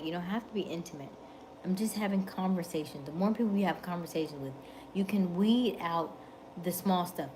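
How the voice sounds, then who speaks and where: A woman in her late thirties hosting a livestream, talking with viewers in a calm, methodical, relaxed way. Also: fairly low pitch, a little hiss or hum. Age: 30s. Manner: calm, methodical, unhurried delivery. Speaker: livestream host.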